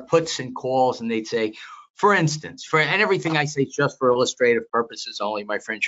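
An older man recounts his past in an interview, stopping and restarting as he goes and then getting animated. The audio is a little muffled and lo-fi. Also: mid-range voice. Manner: rambling, animated anecdotes with many restarts. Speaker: guest, veteran market analyst. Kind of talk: storytelling interview.

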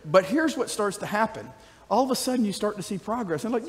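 A man preaching a sermon as a pastor, with energetic, conversational delivery and frequent call-outs to the congregation. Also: high-pitched, brisk, long reverb tail. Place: church sanctuary.

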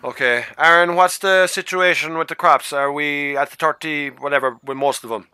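A man's voice: a little high, normal speed, clear, resonant tone, no room sound. A man hosting a casual gaming stream with friends, swearing freely and telling stories. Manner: swearing, storytelling, excitable. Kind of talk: casual chat among friends.

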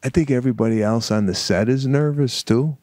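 A man co-hosting a podcast, telling a story in a dramatic, animated way and acting out the quotes. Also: medium pitch, brisk, dry recording, clean studio sound. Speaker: podcast co-host. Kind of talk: casual storytelling chat.

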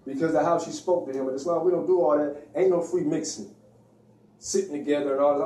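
A man's voice: fairly high pitch, fairly even intonation, fast, warm tone. A man giving an informal religious lecture in a preachy, slangy way, acting out the voices he quotes. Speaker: religious speaker. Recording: echoey room, distant mic.

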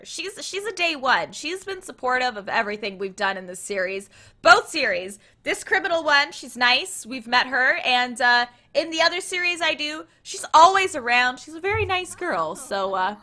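A young woman hosting a let's play chats playfully about her gameplay and speaks to the characters on screen. Her voice is high, sing-song, and sharp, at a moderate pace.

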